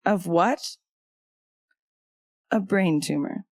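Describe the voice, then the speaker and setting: A woman's voice: lowish voice, very slow, darkish tone, no room sound. A woman guest on a podcast telling a personal story of loss in casual conversation, candid, with wry humor breaking through the grief.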